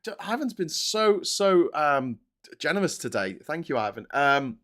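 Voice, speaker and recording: A man hosting a live stream, rambling and animated, laughing and swearing as he chats and reads out viewer messages. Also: fairly high pitch, unhurried.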